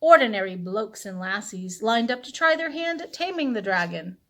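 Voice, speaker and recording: A woman librarian reading a picture book aloud to children in a playful, animated storytelling voice. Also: medium pitch, moderate pace.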